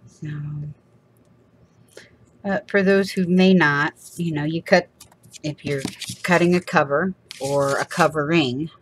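A woman's voice: low-pitched, fairly even intonation, takes it slowly, long pauses, slight background noise. A woman, chatting casually and rambling with laughs while she crafts for her channel. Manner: rambling, chatty, laughs often, acts out little quoted voices.

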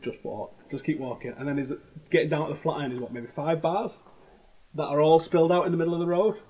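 A man in his thirties with a Manchester accent, hosting a casual chat and telling animated, slangy stories. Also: a little high, quick pace, slightly rough, low-quality recording. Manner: animated storytelling, heavy swearing, slangy. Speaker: host.

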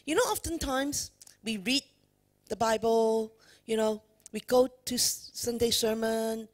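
A woman preaches an emphatic sermon at a church worship service, throwing questions at the congregation and sprinkling in "you know." Her voice sits on the high side and moves a little slowly.

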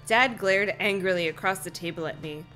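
A woman's voice: mid-range voice, moderate pace, sharp tone, faint music behind. A woman co-hosting a comedy podcast, reading a children's book aloud with blunt, profane commentary. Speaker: podcast co-host.

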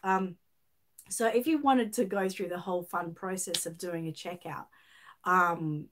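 A talkative Australian woman in middle age, hosting a relaxed livestream. She reads out viewer comments and wanders through her replies, restarting sentences and filling pauses as she goes. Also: on the low side, background noise. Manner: chatty, rambling with many fillers and restarts. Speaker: livestream host. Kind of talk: casual livestream chat reading viewer comments.

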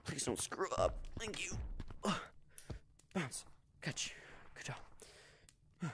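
Man, gaming commentary; playful and teasing, slow delivery, swings up and down in pitch. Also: sing-song, fairly bright tone. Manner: playful, giggly, teasing, drops into whispers. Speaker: gaming video creator. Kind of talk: casual gameplay commentary.

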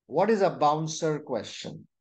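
A man with a Pakistani English accent leads an online exam-prep lesson in a fairly high voice. He talks slowly and carefully, laying out each point step by step. He often checks in with "right?" and fills gaps with "you know". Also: lively intonation. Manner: slow, deliberate instruction with frequent "you know" and "right?". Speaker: exam tutor.

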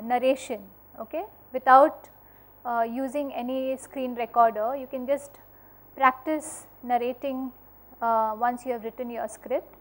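A woman teaching a spoken lesson in a friendly instructive way, often checking in with "okay?" and a few filler words. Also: sits high. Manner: uses fillers and restarts.

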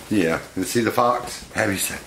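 A man's voice: on the low side, vocal fry, background noise. A man hosting a casual unboxing vlog, chatty and fond, often talking to his pets. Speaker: pet monkey owner and channel host.

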